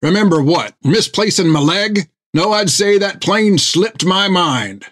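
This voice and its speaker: A huge, hot-tempered sailor growls and blusters his lines, with a man doing the voice. He sounds rough and impatient, a one-legged brute in an audiobook tale. The reading is dry and close. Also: sits high, expressive, measured pace, a bit bright, dry recording, pitched above the performer's own voice, heavily acted. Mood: gruff.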